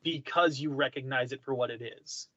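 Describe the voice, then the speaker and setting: A man's voice: mid-range voice, normal speed, a bit bright, dry recording, lo-fi sound. A man co-hosting a casual podcast, rambling through his points with lots of fillers and the odd swear. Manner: rambling, filler-heavy, irreverent. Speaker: podcast co-host. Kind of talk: casual chat.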